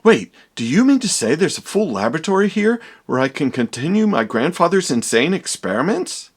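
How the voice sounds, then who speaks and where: A man's voice: a little high, very animated, a little fast, breathy edge, heavily acted. A man playing a vain, dramatic young doctor in a comedy parody, with theatrical, exaggerated delivery.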